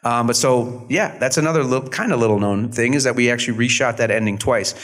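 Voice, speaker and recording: A man in his fifties, an actor on a convention panel, telling stories in an animated, self-deprecating way. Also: mid-range voice, fast talker. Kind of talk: storytelling panel talk.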